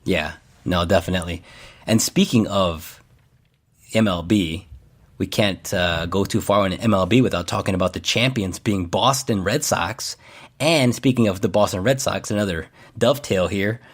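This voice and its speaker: A man with a somewhat low voice co-hosts a casual podcast. He talks loosely and jokes around, breaking into laughter as he reads items off a list. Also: moderate pace, husky. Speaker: podcast co-host. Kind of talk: casual chat.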